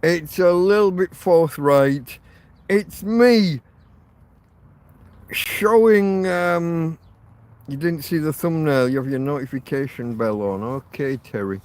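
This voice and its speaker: A man's voice: fairly high pitch, slow, a little mellow, no room sound. A man hosting a rambling live stream from his phone, sweary and self-deprecating as he rants. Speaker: livestream host. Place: in or by a tent outdoors.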